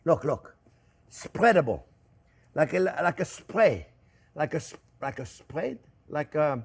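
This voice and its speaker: A man's voice: fairly high pitch, takes it slowly, husky. An older man with a French accent, chatting and joking with viewers as he demonstrates a recipe in his kitchen. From France. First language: Italian and French. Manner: chatty, joking, animated, addresses viewers as friends. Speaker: chef. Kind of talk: cooking demonstration.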